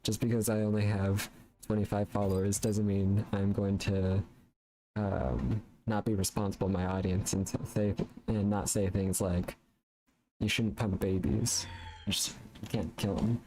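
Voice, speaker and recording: A man's voice: lowish voice, fairly even intonation, a little slow, dark tone, a little hiss or hum, poor audio. A man streaming a fighting game, rambling playfully with many fillers over his own play. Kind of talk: casual gaming commentary. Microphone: studio condenser mic.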